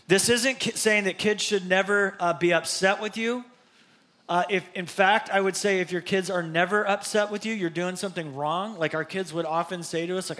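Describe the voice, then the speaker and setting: A man's voice: sits high, fairly even intonation, normal speed, a bit bright. A middle-aged man preaching a sermon as pastor, in a conversational style with personal asides.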